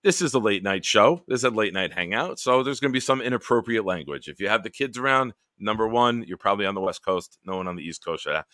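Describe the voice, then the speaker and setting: A man hosting a late-night live stream hangout, telling stories in a profane, animated way. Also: lowish voice, fast, few pauses, no room sound, clean studio sound. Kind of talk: casual late-night storytelling.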